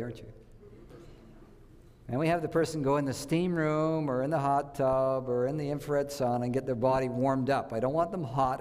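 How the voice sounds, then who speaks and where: A man's voice: medium pitch, a little mellow, in a large hall. A man giving a health talk to a church audience, telling stories and quizzing his listeners. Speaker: health speaker.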